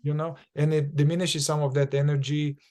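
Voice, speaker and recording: Guy with a higher voice, first language romanian, animated, acts out little examples, lots of restarts. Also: brisk. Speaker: inquiry facilitator. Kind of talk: casual podcast teaching.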